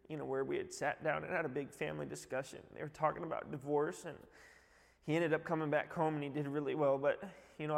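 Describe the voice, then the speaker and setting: A man's voice: fairly high pitch, creaky, big-room sound. A man, a youth director, giving a heartfelt church testimony, rambling with many fillers.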